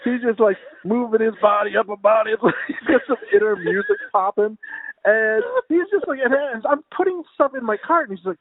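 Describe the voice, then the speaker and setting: A man's voice: very high-pitched, a little fast, dry recording. A man in his thirties co-hosting a podcast, fondly recalling and teasing friends in casual chat. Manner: amused reminiscing, teasing. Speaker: podcast co-host. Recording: dry tinny phone-like sound.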